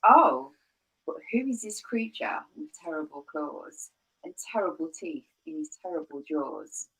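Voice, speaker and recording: A woman reading a children's picture book aloud on a stream in a lively, expressive way, then chatting casually. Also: sits low, husky, rough recording. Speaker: story-time reader on a live stream.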